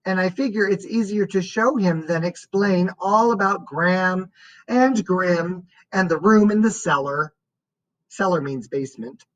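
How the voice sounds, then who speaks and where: A woman reading a first-person story aloud as an audiobook narrator, in a slow and expressive way. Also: lowish voice, rough recording.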